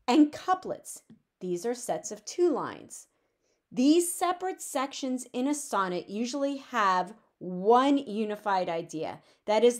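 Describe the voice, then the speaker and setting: A woman at a middle pitch gives a recorded poetry lecture. She explains each point in a clear, measured way. When she reads verse aloud, she slows down. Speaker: teacher.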